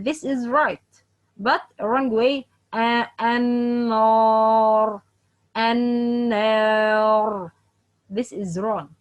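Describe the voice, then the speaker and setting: A woman teaching Quran recitation rules in a halting way, with many fillers and restarts, slowly modelling example words again and again. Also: medium pitch, lo-fi sound. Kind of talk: online tajweed lesson.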